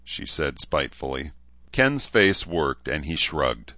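A man narrating an audiobook in an even, steady reading voice. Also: a bass voice, measured pace, no room sound. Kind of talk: scripted narration. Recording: slightly dull lo-fi recording.

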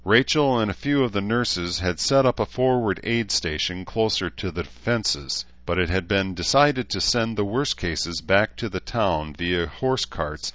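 A man narrating a fantasy audiobook in a steady storytelling manner. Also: fairly low pitch, measured pace, few pauses, dry recording, muffled recording.

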